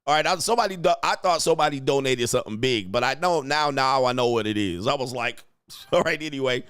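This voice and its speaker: A man's voice: mid-range voice, animated, a little fast, fairly bright tone, clear, resonant tone, no room sound, clean studio sound. A man hosting a livestream, talking in a brash, crude, slangy way, laughing often and acting out mocking voices. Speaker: livestream host. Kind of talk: crude casual livestream commentary.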